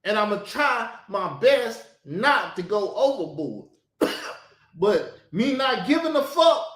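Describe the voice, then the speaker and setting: A man's voice: high voice, sing-song, slow, fairly bright tone. Blunt, heated man in an echoey room. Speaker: show host. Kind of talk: heated casual talk.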